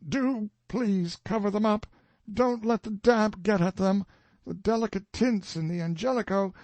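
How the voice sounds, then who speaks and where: A man voicing a grandiose, excitable old colonel who talks big and dodges his debts. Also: on the high side, measured pace, creaky, slightly rough, dry recording, pitched above the performer's own voice, exaggerated voice. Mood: anguished. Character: blustering grandiose old male colonel, shifty.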